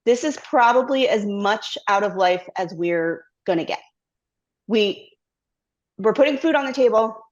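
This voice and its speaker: Speaking in an animated, unhurried way, a middle-aged woman with a mid-range voice shares her story candidly as a guest CEO in a conversational interview. She drifts into quoting her own self-talk, captured in slightly muffled lo-fi sound.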